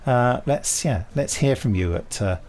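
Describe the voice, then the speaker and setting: A man hosting a podcast in a brisk, wry, casual presenter manner. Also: mid-range voice, animated, darkish tone. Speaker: podcast host. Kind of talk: casual chat.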